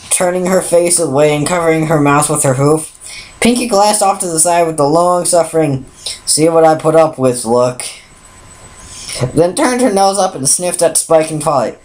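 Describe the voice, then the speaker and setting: A woman's voice: sits low, darkish tone, low-quality recording. Woman stumbling through a fan story. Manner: unpolished reading with frequent stumbles. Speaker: fan fiction reader. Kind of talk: reading a fan story aloud.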